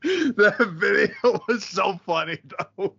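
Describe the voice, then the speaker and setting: A man with a fairly high, bright, forward voice, chatting casually on a podcast. He teases his co-host, swears and laughs a lot. The audio is a bit dull and lo-fi. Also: very animated, takes it slowly, creaky. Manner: teasing, profane, laughs a lot. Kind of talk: casual chat.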